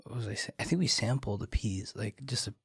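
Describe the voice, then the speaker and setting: A man's voice: lowish voice, fairly quick, slightly rough, no room sound, studio quality. A young man, a barber guest on a podcast, chatting casually and telling rambling stories full of fillers. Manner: rambling storyteller, many "like" fillers. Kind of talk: casual chat.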